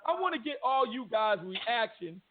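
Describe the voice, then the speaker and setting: A man's voice: very high-pitched, sing-song, normal speed, a crowd in the background. A man hosting a live call-in radio show, casually bringing callers in and setting up a clip. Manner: casual, inviting callers to jump in. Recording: tinny phone-line sound with loud noise.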